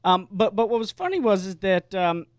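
A man's voice: high voice, sing-song, normal speed, smooth, no echo. A man hosting a casual radio talk show, chatty and emphatic in a studio.

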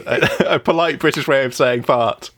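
A man's voice: mid-range voice, moderate pace, a bit bright. A man co-hosting a casual film podcast who reads listener questions, easygoing and self-deprecating. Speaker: podcast co-host reading listener mail.

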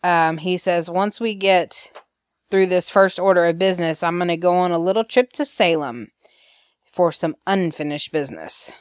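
A woman's voice: lowish voice, moderate pace, dry recording, studio quality. Chatty Southern woman recapping a soap. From Alabama. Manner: chatty, laughing, acts out quotes. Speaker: podcast host. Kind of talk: casual recap chat.

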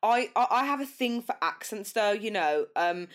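A woman's voice: medium pitch, lively intonation, normal speed. A woman hosting an interview show, chatting casually and teasing her guest playfully. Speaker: podcast host.

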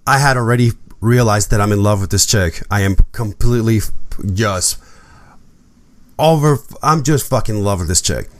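A man hosts a casual podcast and tells a story with lively energy. He swears freely and acts out what people said. His voice sits at a middle pitch and is recorded close and dry. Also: no echo. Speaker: podcast host.

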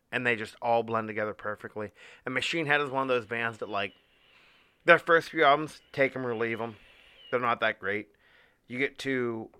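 A man's voice: mid-range voice, pushed and bright, clear, resonant tone, dry recording. A young adult man co-hosting a casual podcast chat, enthusiastic and swearing freely. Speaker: podcast co-host.

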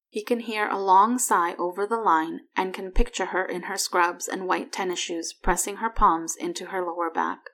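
A woman narrating a fan fiction story aloud, softly and evenly. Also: lowish voice, steady tone, normal speed, few pauses.

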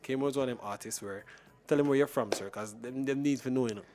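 A man's voice: mid-range voice, quick pace, a little mellow. A man hosting a casual music interview, talkative and teasing, often checking "you understand?". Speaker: host.

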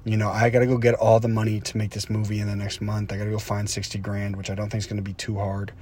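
A man's voice: fairly low pitch, completely flat delivery, fast, a little mellow, breathy edge. A young man from the Boston area records a late-night vlog outdoors after an event, rambling and swearing as he pep-talks himself. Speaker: filmmaker vlogger. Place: city street outdoors at night. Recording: outdoor traffic noise.

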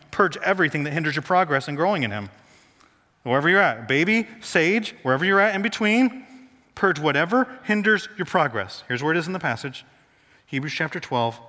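Male pastor, animated sermon, slightly high voice, long hall reverb. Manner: animated preaching, slows down to read quotes aloud. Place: church hall.

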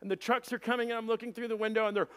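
Animated high-voiced male pastor. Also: rapid-fire, clear, resonant tone. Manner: animated, shifts into quoted voices and shouts. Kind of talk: sermon with storytelling.

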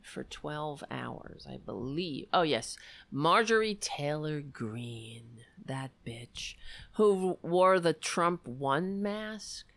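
Her voice is low and creaky, with lively intonation and a slow pace, recorded with no echo. Hosting a livestream, she reads out news pieces and mocks them with profane sarcasm, regularly interrupting herself.

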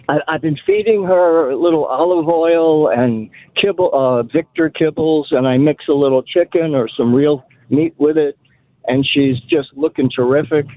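A man from Long Island calls in to a radio show and tells a long, rambling story with a wry edge. His voice comes through a tinny, narrow phone line, sounds a little high for a man, and has almost no room echo. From Long Island, New York. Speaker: caller. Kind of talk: phone-in conversation. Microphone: telephone.

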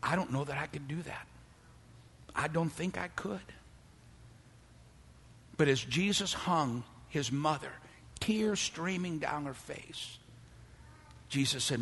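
An older man preaching a dramatic sermon in church, dropping to hushed tones and building to loud calls for praise. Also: fairly high pitch, takes it slowly, pauses often, slightly rough, in a large hall. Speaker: pastor.

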